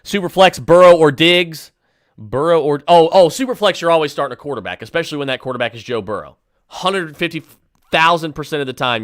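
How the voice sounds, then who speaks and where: A man's voice: on the high side, fairly bright tone, no echo, studio quality. A man hosting a podcast and firing off fantasy football advice, with emphatic, decisive picks broken up by fillers and restarts. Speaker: podcast host answering listener questions.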